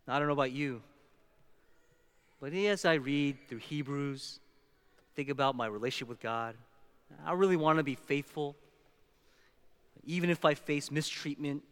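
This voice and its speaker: A man's voice: medium pitch, a bit bright. A male pastor giving a sermon, stressing words one by one and slipping into storytelling. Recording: long hall reverb.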